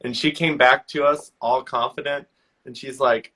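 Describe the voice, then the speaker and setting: A man with a bright, forceful voice hosts a relaxed podcast chat. He tells lively stories and acts out the people in them with a raised voice. His pitch sits in the middle range. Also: moderate pace, low-quality recording. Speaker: podcast host. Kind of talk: casual chat, telling funny work stories.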